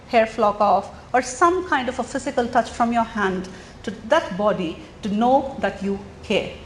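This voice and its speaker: Animated woman addressing parents in echoey hall. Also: fairly high pitch. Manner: earnest and animated, asks the audience questions. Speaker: parenting speaker at a school coffee morning. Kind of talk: lively talk to a room of parents. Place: school hall or meeting room. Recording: echoey room, faint background noise.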